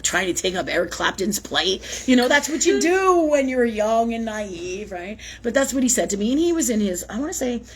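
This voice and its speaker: Husky, rambling spiritual talk show woman. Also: lowish voice. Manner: rambling, emphatic, swears freely. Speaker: live show host. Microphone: webcam or phone on a live stream.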